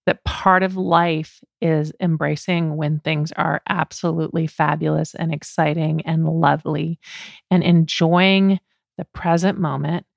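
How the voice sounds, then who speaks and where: A businesswoman coach in her fifties speaks earnestly and conversationally in a solo podcast monologue. Her voice is fairly low and creaky, captured in studio quality with no room sound.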